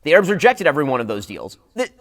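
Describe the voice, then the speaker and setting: A man delivering a rapid-fire debate rebuttal as a political commentator, insistent and lecturing. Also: a little high, huge pitch swings, a bit bright.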